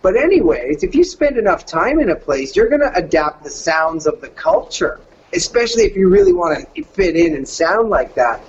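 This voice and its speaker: A man's voice: on the high side, big pitch swings, moderate pace, lo-fi sound, a little hiss or hum. A middle-aged man from Canada, a voice actor casually telling a story and slipping into surfer-dude voices.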